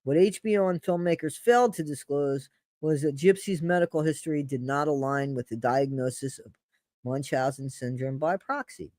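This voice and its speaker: A woman's voice: deep voice, moderate pace, a little mellow, dry recording. Chatty woman hosting a livestream, dry sound. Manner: chatty, talks to her live chat; apologetic. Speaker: livestream host. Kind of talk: casual livestream chat and reading aloud. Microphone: streaming setup mic.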